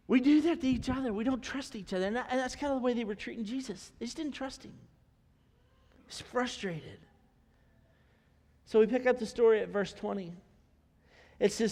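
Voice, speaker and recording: A man's voice: extremely high pitch, fairly quick, long pauses, darkish tone, in a large hall. A male pastor giving a conversational sermon in a church, mixing preaching with humorous asides. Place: church sanctuary.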